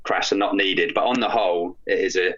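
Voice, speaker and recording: A man's voice: sits low, steady tone, fairly quick, a bit bright. A man co-hosting a podcast, chatting casually and rambling with many restarts and fillers. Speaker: podcast co-host. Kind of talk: casual chat. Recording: dull lo-fi sound.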